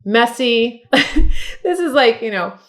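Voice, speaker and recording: A woman's voice: medium pitch, normal speed. A middle-aged woman makeup artist giving a casual makeup tutorial, chatty and encouraging, talking straight to viewers. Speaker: makeup artist and beauty vlogger.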